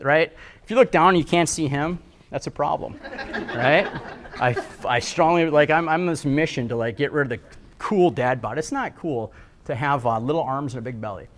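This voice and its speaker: A middle-aged man giving a casual, animated health talk to a live audience, often asking them to agree. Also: fairly high pitch. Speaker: health speaker.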